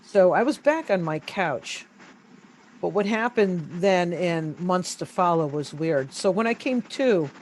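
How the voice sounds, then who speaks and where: A woman's voice: on the low side, animated, a little mellow, a little hiss or hum, rough recording. Hesitant woman telling her story on a video call. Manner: hesitant, halting, repeats words when searching. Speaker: interview guest. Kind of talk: casual first-person storytelling.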